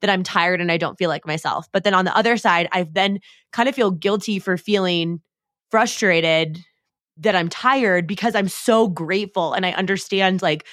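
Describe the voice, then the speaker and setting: A woman's voice: fairly low pitch, normal speed, fairly bright tone, dry recording, studio quality. A pregnant young woman co-hosting a podcast, chatting in a bubbly, gushing way full of fillers. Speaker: podcast co-host. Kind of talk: casual chat.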